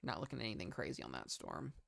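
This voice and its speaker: A man's voice: lowish voice, sing-song, very fast, creaky, a bit bright. A young man in his twenties talks through the weather on a casual livestream. He is loose and chatty, with plenty of ums and likes, and often stops to answer questions from chat. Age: 20s.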